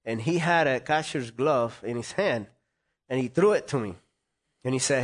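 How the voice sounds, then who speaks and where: Man telling a lively story. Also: medium pitch, normal speed. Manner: animated, acts out quoted voices. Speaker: interview guest. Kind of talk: storytelling in conversation.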